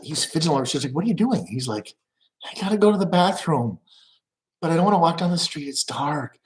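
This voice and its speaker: A man's voice: medium pitch, reverberant. A middle-aged man casually telling rambling stories at home, profane and loose, laughing at his own jokes. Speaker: live streamer.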